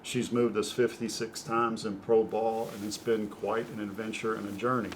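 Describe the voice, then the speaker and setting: A middle-aged man with a somewhat low voice recounts his baseball days in a relaxed, conversational way. He gets animated and acts out the voices of the people in his stories. A faint noise runs under the recording. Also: normal speed. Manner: animated storyteller who acts out quoted voices. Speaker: guest, former baseball pitcher. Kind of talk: casual storytelling interview.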